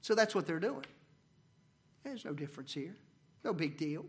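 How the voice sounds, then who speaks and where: Male preacher, high-pitched, dynamic delivery with big loud-to-soft swings. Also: very animated, normal speed, slightly rough. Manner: preaching with sharp swings from loud emphasis to near-murmurs. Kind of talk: sermon. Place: church.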